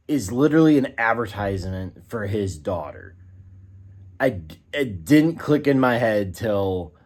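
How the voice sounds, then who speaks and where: An exasperated man delivering a casual film review in a somewhat low voice. He rants about what bothers him and often breaks off, restarts and fills gaps with "like" and "uh". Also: a little mellow. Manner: exasperated, ranting, with many fillers and restarts. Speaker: movie reviewer.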